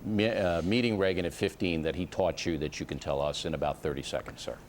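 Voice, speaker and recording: A middle-aged man hosting a TV talk show, steering guests with brisk, leading questions. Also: low voice, slight background noise. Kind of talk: TV news interview.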